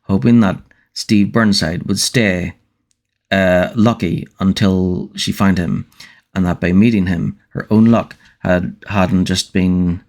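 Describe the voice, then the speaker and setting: A man's voice: low voice, steady tone, takes it slowly, a little mellow. A man reading a novel aloud on a livestream and chatting with viewers, hesitant with many fillers and restarts. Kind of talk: audiobook-style reading and casual chat.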